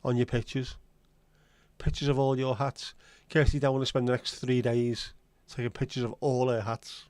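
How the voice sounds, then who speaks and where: A man's voice: medium pitch, flat delivery, normal speed, darkish tone, no echo. A man hosting a casual livestream, rambling and chatting as he answers viewer comments. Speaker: livestream host reading viewer chat. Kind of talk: casual chat.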